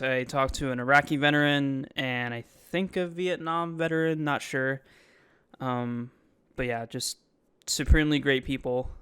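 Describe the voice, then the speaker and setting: A man talks casually over his own video in a loose, rambling way, filling gaps with ums and likes. His voice is very smooth and resonant and sits at an ordinary middle pitch. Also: fairly bright tone. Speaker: vlogger. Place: voice-over, not recorded in the museum.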